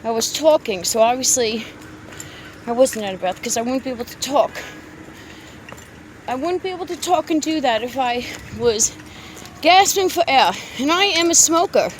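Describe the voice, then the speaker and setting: A woman walking outdoors through a city park, talking into her phone in a rambling, breathy, gushing way full of swearing and exclamations. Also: high voice, expressive, normal speed, pauses often. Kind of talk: rambling confessional monologue to an absent lover. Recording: outdoor street noise and traffic. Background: street ambience with passing vehicles.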